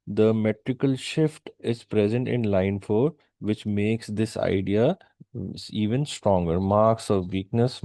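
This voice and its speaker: A low, mellow-voiced man teaches a poetry lesson. He explains step by step and often drops into quick Hindi asides. The sound is dry and close, with no room echo.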